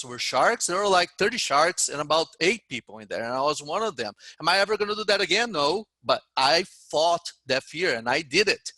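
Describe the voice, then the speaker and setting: A man's voice: fairly high pitch, bright, forceful tone, no echo. A middle-aged man with a foreign accent gives a blunt, rambling motivational talk to his trading group, often restarting his sentences. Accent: foreign-accented English. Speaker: head day trader.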